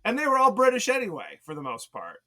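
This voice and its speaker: A man's voice: high voice, huge pitch swings, quick pace, bright, forceful tone. A man co-hosting a podcast in casual chat, talkative and leading the segments, laughing often. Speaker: podcast co-host.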